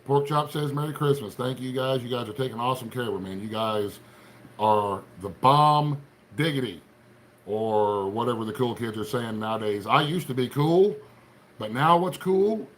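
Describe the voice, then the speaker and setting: This livestream host, a middle-aged Appalachian Ohio man with a matching accent, has a mid-range voice and a moderate pace. He chats casually, rambling in a folksy manner and calling out viewers by name, over a slight hiss or hum.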